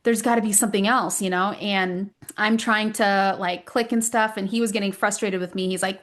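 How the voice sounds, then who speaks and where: A woman in her thirties co-hosting a casual parenting podcast, telling stories with lively acted-out quotes. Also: fairly quick, few pauses. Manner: animated storyteller, acts out quotes with rising pitch. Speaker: podcast co-host.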